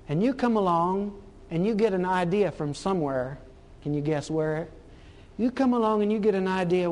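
A man's voice: sits high, animated, normal speed, darkish tone. A man preaching a sermon, emphatic, asking rhetorical questions and repeating phrases for stress.

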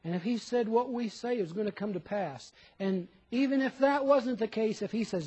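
Casting: high-pitched male preacher, sermon delivery, rhetorical questions, acts out imagined listeners. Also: normal speed, hardly any pauses, darkish tone, breathy edge, rough recording. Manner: questioning, quotes imagined listeners in shifting voices.

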